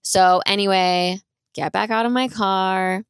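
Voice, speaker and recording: A woman's voice: mid-range voice, steady tone, measured pace, smooth, dry recording, studio quality. A woman hosting her own podcast, telling a personal story in a chatty, rambling way with lots of "like". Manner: chatty, rambling, fills speech with "like". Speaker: podcast host.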